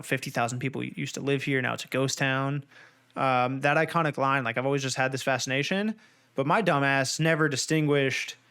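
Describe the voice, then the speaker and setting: A man's voice: mid-range voice, fairly bright tone, clear, resonant tone. A young man chatting casually on a podcast, rambling and playful. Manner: rambling, lots of fillers and restarts, playful. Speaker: podcast co-host. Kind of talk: casual chat.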